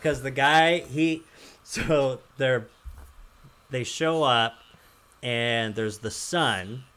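A male podcast host with a medium-pitched, slightly bright voice speaks extremely slowly in casual podcast chat. He rambles through stories and chuckles often, and the tone is clean.

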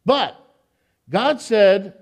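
A man preaching to his church congregation in a fairly high voice, taking his time over each phrase. He preaches with animation, stumbling and repeating words as he goes, and breaks off for joking asides to the people in front of him. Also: expressive, drawn-out words, gravelly, slightly rough. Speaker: pastor. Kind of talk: sermon.

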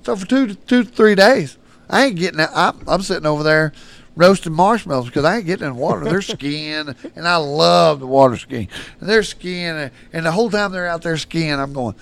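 A middle-aged man, telling profane, animated stories on a casual podcast and getting loud when quoting people. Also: a little high, fairly quick, vocal fry. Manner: profane, animated, swings loud for quoted lines. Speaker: storyteller guest.

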